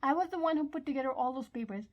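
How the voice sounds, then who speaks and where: A woman's voice: high-pitched, expressive, fast talker, highs cut off, voice pushed up. Woman voicing a tearful guilt-ridden young man. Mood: sobbing. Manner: anguished, voice breaking into sobs. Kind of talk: fan audiobook reading.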